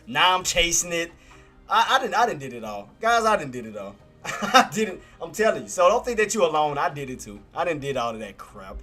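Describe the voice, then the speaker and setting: A chatty man talks to his viewers about trading in loose, slangy speech and laughs often. His voice is fairly high for a man and very bright. Faint music plays behind him. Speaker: stock trading streamer. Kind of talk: casual talk to viewers.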